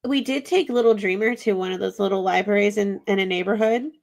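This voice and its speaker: A woman guest on a casual podcast, teasing and playful in her talk. Her voice carries a gravelly fry. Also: mid-range voice, brisk, darkish tone. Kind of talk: casual chat.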